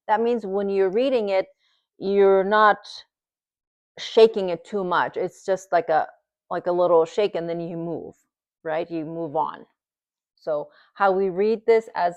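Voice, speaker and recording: A woman's voice: on the low side, no echo. Patient woman teaching recitation at a board. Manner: patient, explains slowly, demonstrates recitation repeatedly.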